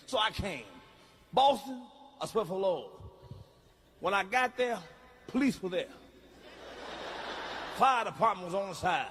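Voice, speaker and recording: A man doing stand-up on stage, telling rowdy stories in a loud, brash way. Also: high-pitched, expressive, normal speed, pauses often. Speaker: stand-up comedian. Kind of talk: stand-up comedy. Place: stage in front of a crowd. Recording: noisy stage recording.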